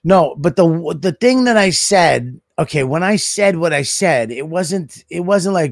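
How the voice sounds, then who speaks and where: Blunt Boston man, gruff and profane. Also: a little high, big pitch swings, a little slow, hardly any pauses, dry recording, studio quality. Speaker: podcast host. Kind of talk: casual chat.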